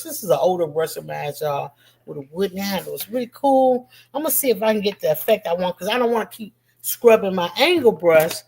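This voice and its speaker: A woman with a medium-pitched, slightly rough voice leads a live-streamed painting class. She's an encouraging, chatty art teacher who talks straight to viewers and trades friendly, slangy remarks with the chat.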